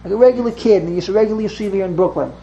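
Woman teacher, mid pitch, slow patient explanations, repeats words, faint noise in a classroom. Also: creaky, dark tone, highs cut off. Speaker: religious text teacher. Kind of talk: classroom text study. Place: classroom with students.

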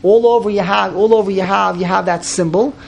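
A man's voice: sits high, fairly even intonation, brisk, vocal fry, lo-fi sound, a little hiss or hum. Casual male teacher, informal class, frequent restarts and repetitions. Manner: repeats words, restarts, demonstrates chanting. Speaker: Torah reading teacher.

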